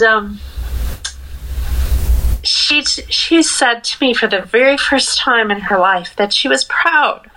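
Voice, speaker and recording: A woman's voice: on the high side, sharp tone, slight background noise, poor audio. A middle-aged woman co-hosting a podcast, talking in an earnest, reflective way with many fillers and restarts. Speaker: podcast co-host. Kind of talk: casual podcast conversation.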